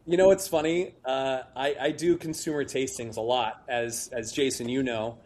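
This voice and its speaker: A man's voice: mid-range voice, fairly even intonation, moderate pace, darkish tone. A man, middle-aged, a guest telling a long self-deprecating story in a rambling casual way with many restarts. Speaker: guest, liqueur brand founder.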